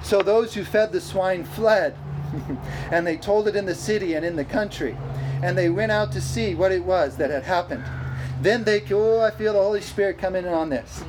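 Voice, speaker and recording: Brief: a high-pitched male preacher, lively and laughing, at a church service. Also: normal speed, background noise. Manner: animated, exclamatory, laughs often. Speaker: pastor. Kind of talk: sermon.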